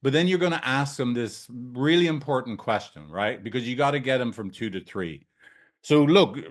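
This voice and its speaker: A male couples therapist giving a casual training talk in a room with a whiteboard. He is blunt and swears freely. He checks in with his listeners again and again. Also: on the low side.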